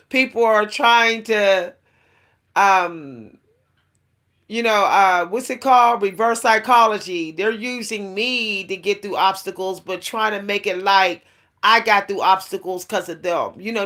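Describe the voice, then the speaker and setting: A woman's voice: medium pitch, slow, fairly bright tone. A woman vlogger giving a casual spiritual monologue, rambling with many fillers and restarts, laughing now and then and speaking straight to her listeners. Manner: confiding, addresses listeners directly.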